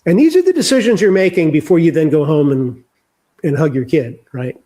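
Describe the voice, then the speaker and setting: A man's voice: a little high, animated, a little fast, dark tone. An older man speaking candidly and reflectively as an interview guest, sharing his memories. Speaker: author guest.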